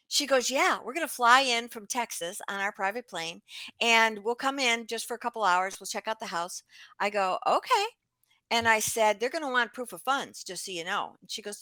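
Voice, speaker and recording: A woman real estate agent, a podcast guest, telling a story in a chatty, lively way and acting out the other people's lines. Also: on the high side, no room sound. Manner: chatty, lively, acts out dialogue with quoted voices. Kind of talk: animated storytelling in an interview.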